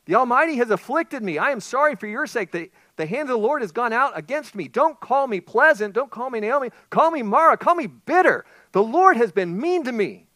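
Guy putting on a high, loud older widow lady, really emotional, dry close sound. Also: expressive, brisk, hardly any pauses, dry recording, exaggerated voice. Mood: bitter. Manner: high, loud, emphatic delivery.

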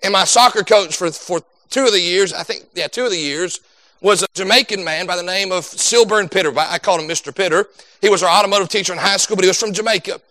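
Animated young preacher, high bright voice. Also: male voice, fast talker, no room sound. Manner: animated, acts out quoted voices. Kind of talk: sermon.

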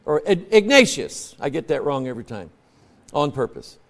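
A male preacher delivering a sermon in a folksy, conversational way, swinging from loud emphatic peaks to low quiet asides. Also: sing-song, moderate pace. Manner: folksy, conversational, acts out quoted voices.

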